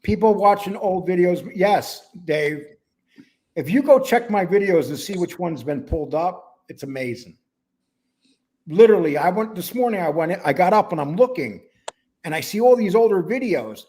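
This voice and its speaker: The man's high voice is expressive and a bit mellow, moving at a normal pace. A New York native with a New York accent mixed with a Wisconsin one, he hosts a relaxed podcast, talking at length and skipping between topics.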